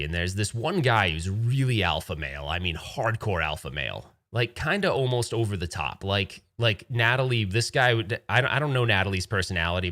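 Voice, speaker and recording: A man's voice: low voice, fairly bright tone. A man from Rhode Island hosting a casual livestream chat, telling rambling, digressive stories. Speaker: host.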